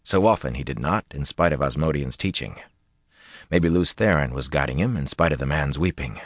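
A man narrating a fantasy audiobook in a measured, intense storytelling manner. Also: extremely low pitch, expressive, no room sound, studio quality.

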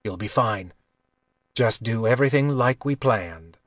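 A man voicing a young thief in his own voice, low, calm and dry-humored, in an audiobook. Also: unhurried, dry recording, natural voice. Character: young male thief, wry and quietly confident.

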